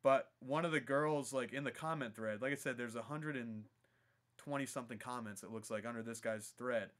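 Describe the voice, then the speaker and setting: A man with a bright, mid-pitched voice talks as a throws coach on a casual podcast. He is earnest and reasons things out step by step. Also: normal speed.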